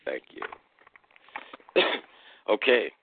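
A man telling a personal story as a guest and then arguing back at a caller, deliberate and confrontational. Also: slight background noise. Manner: deliberate, confrontational when challenged. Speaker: guest speaker. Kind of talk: casual storytelling and argument. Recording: tinny phone-line audio.

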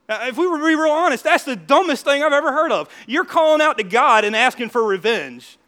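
A man pastor giving a lively, conversational sermon, laughing often and building to emphatic points. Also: very high voice, fairly quick.

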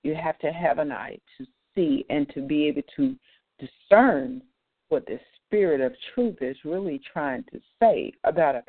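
The host of an online community call gives an informal spiritual talk on scripture, halting often with fillers and restarts. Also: medium pitch, no echo. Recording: tinny phone-line sound, dry.

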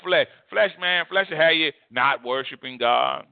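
A male pastor preaching with passion and punch, circling back over his phrases again and again. His voice sits on the higher side for a man and sounds dry and close. It comes through a thin, phone-like line. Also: measured pace, gravelly, few pauses, no room sound. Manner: impassioned, repetitive, emphatic preaching. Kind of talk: sermon.

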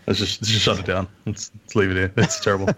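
A man's voice: sits low, little pitch movement, quick pace, a bit bright, breathy edge. An Australian man, a podcast guest, talking in wry, joking casual chat.

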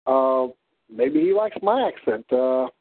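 An older man with a Southwest Missouri drawl, mixing prairie and Ozark sounds, hosting a rambling radio monologue full of halting restarts. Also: medium pitch, sing-song, dry recording. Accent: Southwest Missouri, mix of prairie drawl and Ozark. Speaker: radio show host. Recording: thin phone-like dry audio.

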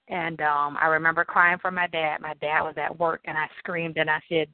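A woman tells a childhood story in a fairly low voice, slipping into other people's voices as she quotes them. The sound is dry and tinny, like a phone line. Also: a little fast, few pauses, no room sound. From New Orleans, USA. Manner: animated, acts out quoted people in raised voices. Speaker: interviewee. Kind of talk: personal storytelling in an interview.

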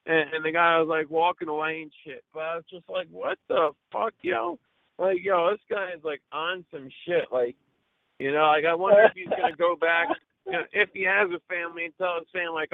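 A man's voice: a little high, lively intonation, normal speed, creaky. Profane young man on a tinny line. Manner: profane, rambling, full of filler words. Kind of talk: casual chat, storytelling. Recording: tinny phone-like line, dry.

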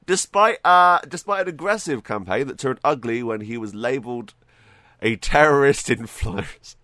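A man's voice: medium pitch, lively intonation, moderate pace, pushed and bright, no room sound. A man hosting his own podcast, chatting casually and joking, laughing often and tripping over repeated words. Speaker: podcast host. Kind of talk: casual solo podcast commentary.

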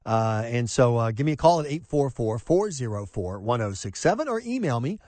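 A man hosting a talk radio show, excitable and exasperated, stammering and restarting as he talks in a studio. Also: medium pitch, brisk, no room sound.

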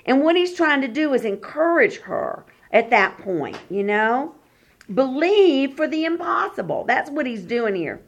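A woman's voice: high voice, a little slow. A woman leading a Bible study, reading scripture aloud and then explaining it in casual talk, acting out the quoted speakers. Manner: acts out the quoted speakers in lively voices.

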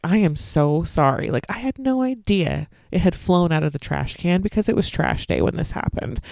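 Woman, 30s, podcast co-host; animated storyteller who acts out quotes; smooth, dry sound. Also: sits low, no room sound. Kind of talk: casual chat, storytelling.

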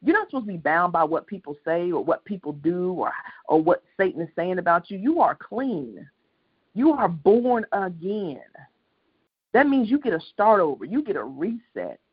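A preacher giving an impassioned, repetitive sermon on a prayer line, building to loud peaks. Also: mid-range voice, big pitch swings, normal speed, breathy edge, lo-fi sound.

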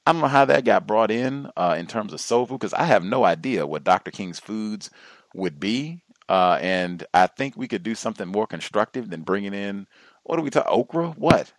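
Deep-voiced man hosting call-in radio. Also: lively intonation, no echo. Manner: measured, trailing off with frequent "uh"s. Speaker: host.

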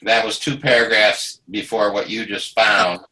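A man's voice: lowish voice, steady tone, a little slow, sharp tone, a little hiss or hum, rough recording. A man leading a group discussion who reads passages aloud carefully.

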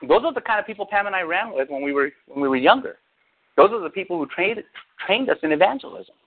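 A middle-aged man preaching a sermon as pastor, telling stories with animated, sarcastic asides. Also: high-pitched, quick pace. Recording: tinny phone-like radio sound.

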